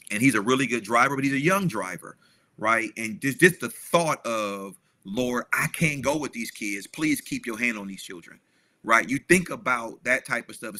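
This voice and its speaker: A man's voice: mid-range voice, sharp tone. A man in his forties hosting a panel conversation, telling a heartfelt story as a father, often asking "right?" and calling listeners "man", emotional as he speaks. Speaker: discussion host, father.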